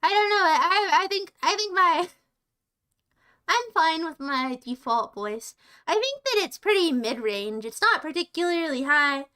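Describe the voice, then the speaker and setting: A woman streamer chats casually to her viewers in a high, bright voice. She rambles playfully, stopping and restarting her sentences as she goes. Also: sing-song, a little slow. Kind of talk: casual livestream chat.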